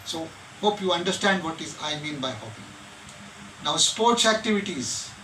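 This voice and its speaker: A man's voice: on the high side, sing-song, moderate pace, bright, forceful tone, a little hiss or hum. A man giving an earnest classroom lecture on interview preparation, asking his own questions and then answering them. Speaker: lecturer coaching students for officer selection interviews. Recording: roomy, from a distant mic.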